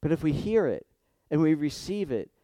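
A man preaching a sermon with passion, dropping to a hush and then rising loud and emphatic, often repeating words as he builds. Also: on the high side, big pitch swings, normal speed, no room sound. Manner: impassioned, swinging from hushed to loud and emphatic; repeats words when stirred.

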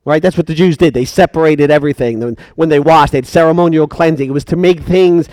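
A man's voice: on the high side, fast, darkish tone, no echo. A man preaching a sermon, emphatic and questioning his congregation.

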